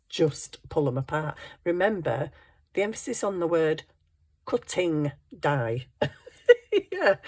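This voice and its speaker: A middle-aged woman talks her way through a craft project in a relaxed, rambling manner, poking fun at herself as she goes. Her voice sits low, with a husky grain to it. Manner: chatty, rambling, self-deprecating, often laughs. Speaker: crafting vlogger. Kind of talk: casual crafting chat.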